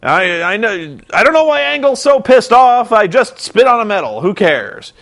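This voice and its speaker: A man's voice: high voice, very animated, normal speed, fairly bright tone, heavily acted. A man voicing a cocky, oblivious male wrestler who talks in a smug, dismissive way.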